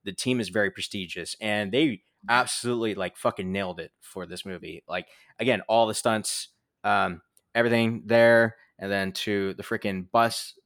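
A man co-hosting a casual movie review chat, animated, swearing freely and filling gaps with "like" and "um". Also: on the low side, moderate pace, dry recording, clean studio sound. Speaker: podcast co-host.

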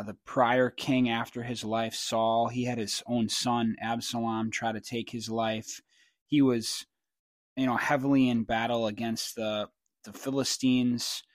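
A man's voice: mid-range voice, dry recording. A man giving an informal Bible teaching as a pastor, earnest and conversational, growing emphatic.

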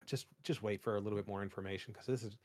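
A man's voice: on the low side, fairly even intonation, very fast, darkish tone. A young man co-hosting a casual podcast, rambling with lots of fillers and jokes. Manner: rambling, many fillers, jokey. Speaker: podcast co-host. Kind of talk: casual chat.

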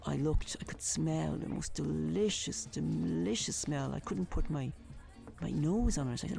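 A woman's voice: low voice, normal speed, creaky, mellow, faint music behind. A woman telling a vivid personal story in a conversational, colourful way.

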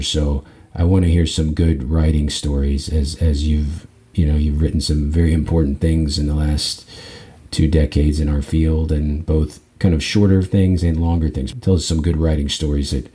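A man's voice: extremely low pitch, mellow. A man hosting a podcast, asking loose rambling questions full of fillers in a casual interview. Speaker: podcast host.

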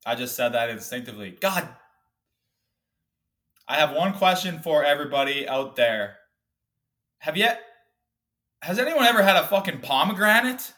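A man in his twenties hosting his own podcast, rambling and swearing, with loud outbursts that drop to low mumbles. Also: sing-song, fairly quick. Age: 20s. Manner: profane, rambling, self-deprecating. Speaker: podcast host. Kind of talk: casual solo podcast rant.

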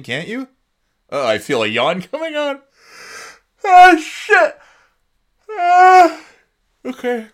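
A man's voice: fairly low pitch, fairly bright tone. A man hosting a casual solo podcast, sleepy and yawning, ranting sarcastically with plenty of swearing. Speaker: podcast host.

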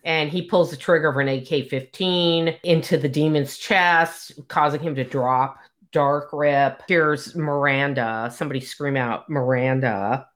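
A woman co-hosting a casual book recap chat, retelling the plot as a story and answering with quick agreement. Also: deep voice, steady tone. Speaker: podcast co-host.

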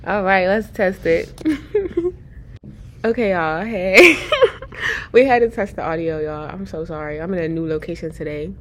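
A young woman hosting a podcast in casual chat, animated and slangy, laughing often. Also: lowish voice, a little slow, long pauses. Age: young adult. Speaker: podcast host.

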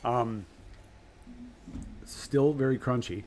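A man's voice: medium pitch, drawn-out words, noisy background. A man co-hosting a casual podcast, making dry, wry comments while tasting food. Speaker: podcast co-host.

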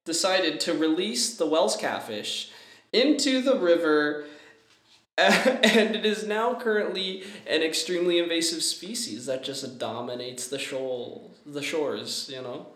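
Low-voiced joking woman co-host. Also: unhurried. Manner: joking, trails off softly. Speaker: podcast co-host. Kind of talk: casual chat. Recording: roomy echo.

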